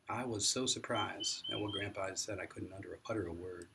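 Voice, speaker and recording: A low-voiced man reading a novel aloud, telling it plainly. He sits back from the mic. A steady hiss and birdsong run beneath him. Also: a little fast, vocal fry, hardly any pauses, distant mic. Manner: plain storytelling. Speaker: narrator.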